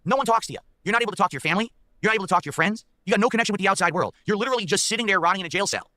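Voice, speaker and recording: A man's voice: high-pitched, animated, rapid-fire, pushed and bright, no echo. A man ranting to his viewers, building an emphatic hypothetical and checking in with them. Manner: emphatic, keeps checking in with the audience. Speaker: online streamer.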